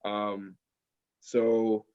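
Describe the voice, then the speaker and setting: A man's voice: on the low side, level tone, drawn-out words, darkish tone, smooth, dull audio. A man hosting an online game night, chatting casually with slangy, laughing banter and closing the session. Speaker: game host.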